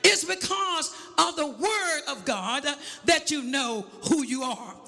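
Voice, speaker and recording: A man preaching a sermon, calling for a witness, shouting and half-singing his lines in an echoey church. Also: extremely high pitch, lively intonation, measured pace, creaky.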